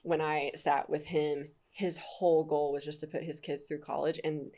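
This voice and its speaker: A woman with a notably low voice hosts a casual podcast interview. She talks candidly and at length, and laughs easily between points. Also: little pitch movement, normal speed, dark tone. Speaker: podcast host.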